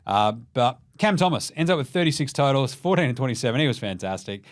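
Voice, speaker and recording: A man's voice: mid-range voice, sing-song, fast. A young Australian man hosting a casual, sweary basketball recap, joking and putting on mock voices of players. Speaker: basketball podcast host.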